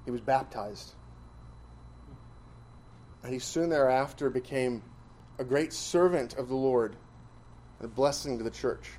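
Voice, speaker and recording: Man preaching a sermon, mellow voice. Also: mid-range voice, a little slow, long pauses, slight background noise. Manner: emphatic, punching key phrases louder.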